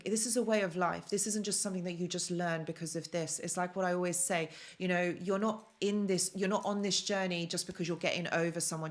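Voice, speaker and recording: Woman, live-stream host, emphatic, excitable, talks straight to viewers. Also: lowish voice.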